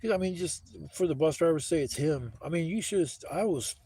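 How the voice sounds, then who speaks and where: Man, casual livestreamer outdoors on a phone, slightly high voice, loose and profane storyteller. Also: a little fast, warm tone, husky. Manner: rambling, profane, heated retelling with quoted dialogue. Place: outdoors in woods.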